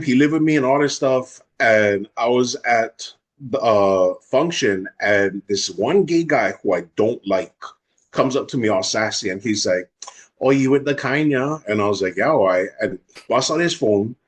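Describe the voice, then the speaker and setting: Husky Hawaii guy telling stories fast. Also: fairly low pitch. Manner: fast, unfiltered storytelling with acted-out quotes. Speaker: guest. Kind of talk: casual storytelling.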